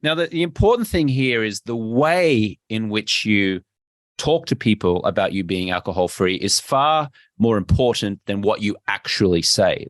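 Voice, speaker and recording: Animated Australian man, dry sound. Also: mid-range voice, dry recording. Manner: emphatic and animated, acts out little dialogues. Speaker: podcast guest, health coach. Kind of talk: energetic interview talk.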